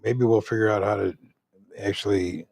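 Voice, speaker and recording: Low-voiced easygoing man, dry sound. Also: steady tone, normal speed, creaky, a little mellow, no echo. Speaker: podcast co-host. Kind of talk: casual chat.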